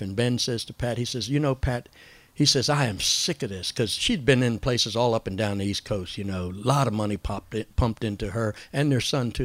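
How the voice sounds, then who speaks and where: A man tells his recovery story in a loose, rambling way, dropping slang and filler words as he goes. His voice sits at a middle pitch, and it is recorded close and dry with no room sound. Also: dry recording. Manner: casual, rambling, uses slang like "cat" and "man"; acts out quoted voices with raised pitch.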